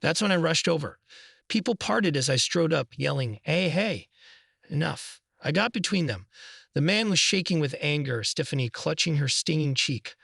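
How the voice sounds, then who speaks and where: A man narrating a first-person story in a measured, scripted way. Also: on the high side, animated, gravelly, fairly bright tone, slightly rough, dry recording, clean studio sound.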